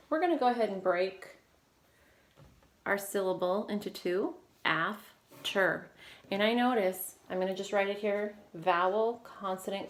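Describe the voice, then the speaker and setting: A woman teacher leading a recorded phonics lesson, giving steady step-by-step prompts and quick praise. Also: medium pitch. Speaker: reading teacher.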